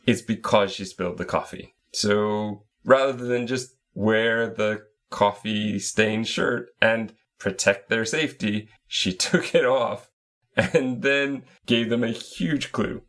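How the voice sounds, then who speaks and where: A male podcast co-host casually goes through a story game point by point, laughing along. His voice is lowish and fairly bright, and he speaks slowly.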